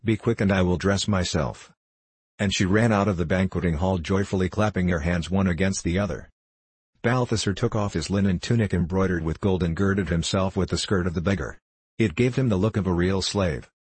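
A man narrating a classic tale as an audiobook in a measured, even storytelling manner. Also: sits low, breathy edge, no echo.

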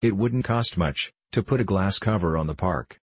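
A man's voice: low voice, normal speed, slightly rough, dry recording. A man voicing an impatient, complaining seven-year-old girl in a storybook reading.

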